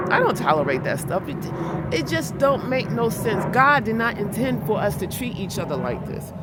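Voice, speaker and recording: A woman vlogging and telling a story in a blunt, animated way that turns heated. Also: mid-range voice. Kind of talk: casual storytelling vlog. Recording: clear outdoor street noise behind.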